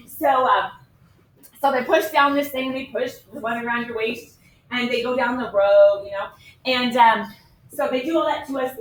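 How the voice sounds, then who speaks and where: A middle-aged woman math teacher with a high voice tells stories and talks her class through problems in a chatty, lively way. She is picked up from across an echoey classroom, with a faint hum of room ambience behind her. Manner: chatty, lively, often checks in with 'okay?'. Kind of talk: animated classroom storytelling and teaching. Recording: echoey classroom recorded from a distance.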